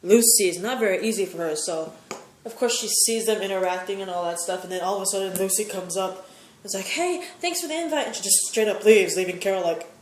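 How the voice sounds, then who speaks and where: A woman's voice: medium pitch, steady tone, quick pace, reverberant, slight background noise. A woman giving a casual, opinionated recap of a TV episode, rambling with many fillers. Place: sitting in a chair at home.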